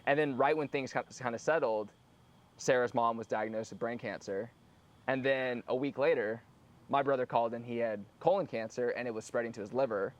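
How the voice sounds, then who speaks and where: A man tells a personal story in a rambling, candid way and keeps restarting his sentences. His voice sits at an ordinary medium pitch. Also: brisk, muffled recording. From San Francisco Bay Area. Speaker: former skateboarder and YouTuber.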